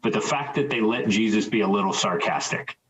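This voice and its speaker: A man hosting a podcast interview, relaxed and thoughtful, with many fillers. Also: fairly low pitch, brisk. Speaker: podcast host. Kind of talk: casual conversational interview. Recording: dull, lo-fi sound.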